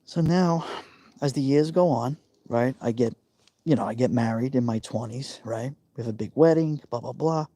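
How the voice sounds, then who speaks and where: A man in his fifties from New York hosts a live stream at normal speed, his mid-range voice warm and mellow. Telling a personal tale, he sounds emotional and confiding and keeps repeating things for emphasis. The audio is dry with no room echo.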